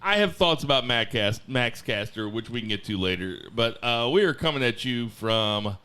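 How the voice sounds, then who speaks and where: A man in his thirties hosting a wrestling podcast, chatting in a relaxed way with a few restarts. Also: medium pitch, moderate pace, clear, resonant tone. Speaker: podcast host. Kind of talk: casual wrestling podcast chat.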